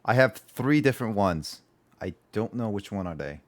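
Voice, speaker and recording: A man's voice: lowish voice, lively intonation, moderate pace. A man streaming a video game, chatting casually and rambling, often repeating his words. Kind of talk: casual gaming livestream chat.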